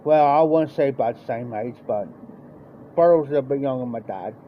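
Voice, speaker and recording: A man's voice: medium pitch, normal speed. A man with a Midwestern American accent telling a rambling, folksy story on a live stream and acting out the voices of the people in it. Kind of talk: casual storytelling. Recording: dull lo-fi stream audio, faint noise.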